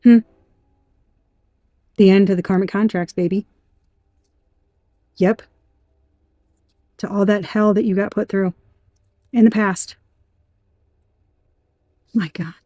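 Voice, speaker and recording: A woman giving a tarot reading in an emphatic, animated way, talking straight to the viewer and swearing now and then. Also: medium pitch, a little slow, long pauses, dry recording. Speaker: tarot reader.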